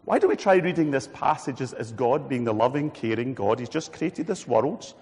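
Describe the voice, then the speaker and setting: A man preaching a sermon in a church hall, animated and acting out quoted voices. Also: mid-range voice, normal speed, husky. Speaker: pastor.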